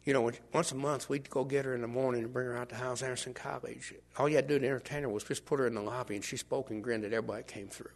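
An older man preaching a sermon, shifting from hushed asides to shouts as he acts out scenes. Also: medium pitch, rapid-fire, gravelly, hardly any pauses, a little hiss or hum. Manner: animated, swings from hushed to shouting, acts out bystanders.

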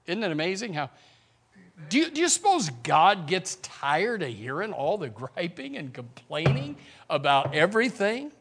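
High, lively preaching man. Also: normal speed, slight background noise. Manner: animated preaching, acts out grumbling voices, rising to shouts. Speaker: pastor. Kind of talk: sermon. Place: church sanctuary.

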